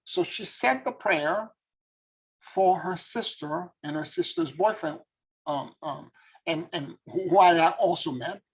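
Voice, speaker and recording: Husky-voiced earnest spiritual storyteller man. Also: a little high, takes it slowly, low-quality recording. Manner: earnest, reflective, emotional retelling. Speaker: spiritual teacher and former tarot reader.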